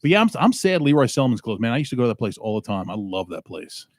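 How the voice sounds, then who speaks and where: A man's voice: medium pitch, big pitch swings, fast, dry recording, clean studio sound. A man hosting a podcast in loose, casual chat, blunt and swearing freely. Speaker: podcast host.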